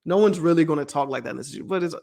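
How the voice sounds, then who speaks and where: A man's voice: fairly high pitch, fast, vocal fry, darkish tone. A man with a Southern American accent co-hosting a casual movie review podcast, rambling, laughing often and acting out scenes. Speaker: podcast co-host.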